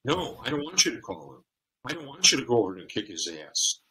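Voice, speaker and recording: A man's voice: medium pitch, very animated, quick pace, a crowd in the background, pitched above the performer's own voice, lightly acted, rough recording. A man acting out a distraught woman who asks her partner to comfort her. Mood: pleading.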